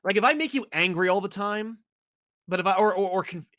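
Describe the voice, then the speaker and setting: A man co-hosting a casual podcast chat, talking in long animated runs with many restarts. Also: high-pitched, a little fast. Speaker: podcast co-host.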